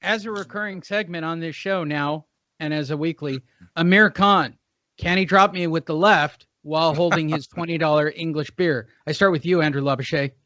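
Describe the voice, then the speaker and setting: A man's voice: a little high, fairly even intonation, fairly quick, fairly bright tone, no room sound. A man hosting a casual boxing podcast, joking and riffing in a mock-announcer way. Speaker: podcast host. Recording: dry lo-fi podcast audio.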